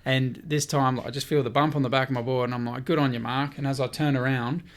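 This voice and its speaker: Talking fast in a medium-pitched voice, this podcast guest tells a story casually and with energy. He acts out people's lines as dialogue and drops the occasional swear word.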